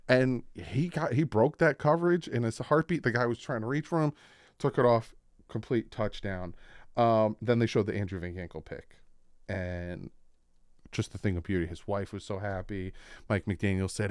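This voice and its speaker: Smooth-voiced man recapping football, animated. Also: fairly low pitch, measured pace, no room sound, studio quality. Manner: animated storytelling, acts out quotes. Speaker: sports reaction host. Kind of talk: casual sports reaction commentary.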